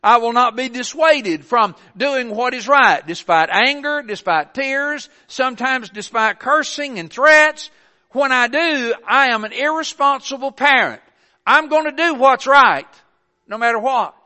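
Older man preaching, high and sharp-toned, earnest, presses his points hard. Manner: earnest, builds to forceful emphasis. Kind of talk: sermon.

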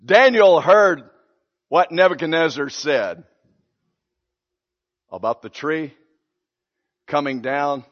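Animated high-voiced man preaching. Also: slow pace, pauses often, lo-fi sound. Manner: animated storytelling, acts out the characters, swings between loud and hushed. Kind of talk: sermon.

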